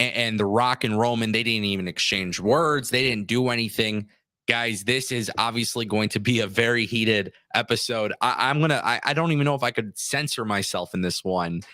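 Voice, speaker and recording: A man's voice: lowish voice, normal speed, bright, forceful tone, no echo, clean studio sound. A man co-hosting a livestream, talking in a fired-up, frustrated way and often stumbling and restarting his sentences. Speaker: co-host. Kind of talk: livestream wrestling talk.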